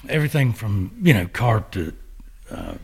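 Gravelly deep-voiced man. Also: animated, moderate pace, darkish tone. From Missouri, USA. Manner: laid-back storyteller, rambling with fillers. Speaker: guest. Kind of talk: casual podcast chat.

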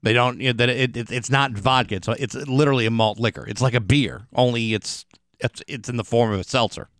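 A man's voice: medium pitch, steady tone, fairly quick, fairly bright tone, dry recording. A man co-hosting a radio show, chatting casually with dry teasing and frequent stumbles and repeated words.

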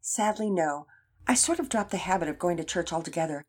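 Woman reader doing a friendly, talkative neighbor woman for a storybook, pitched a little up. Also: expressive, brisk, breathy edge. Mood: chatty. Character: friendly chatty woman neighbor, Catholic upbringing.

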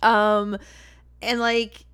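A woman's voice: mid-range voice, flat delivery, drawn-out words, a bit bright, smooth. Enthusiastic woman gushing in casual chat. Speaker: podcast co-host.

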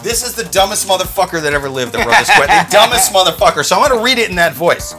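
A man's voice: high-pitched, expressive, very fast, over music. A man co-hosting a comedy podcast, ranting profanely in casual banter. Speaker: podcast co-host.

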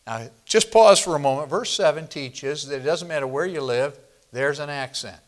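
A man's voice: on the high side, normal speed. A man from the northern Midwest of the US preaching a sermon, a pastor who teaches verse by verse and asks the congregation questions.

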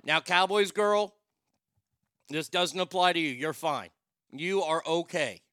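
A man in his fifties hosting a radio talk show, telling stories in a loud, joking, rambling way into a studio microphone. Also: sits high, clear, resonant tone, dry recording. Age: 50s.

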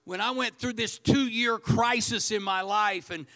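A man's voice: sits high, a little slow, sharp tone. A man preaching a sermon, telling a personal story in a folksy, repetitive way. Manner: folksy, storytelling, repeats words. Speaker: pastor.

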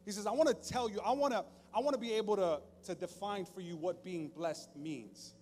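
A man preaching a sermon as pastor, conversational and joking, at times dropping to a soft, intimate tone. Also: sits high, brisk, slight background noise. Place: church stage. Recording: long hall reverb, faint music behind.

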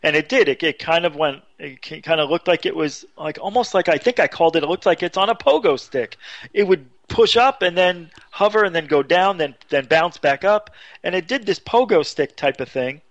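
A man telling a story casually as a radio show guest, animated, jumping his voice high when he quotes people. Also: a little fast, no room sound, highs cut off. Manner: animated, acts out quotes with sudden high pitch.

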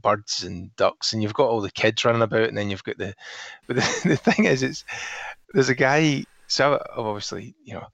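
A man's voice: lowish voice, normal speed, gravelly, fairly bright tone, no room sound. A man co-hosting a podcast, chatting casually and telling rambling anecdotes with frequent laughs. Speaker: podcast co-host. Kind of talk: casual chat.

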